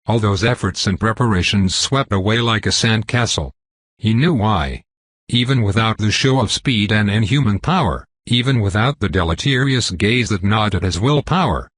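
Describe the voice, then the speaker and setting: A man narrating a dark fantasy web novel in a steady, measured storytelling voice. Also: fairly low pitch, husky, no room sound, studio quality. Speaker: audiobook narrator.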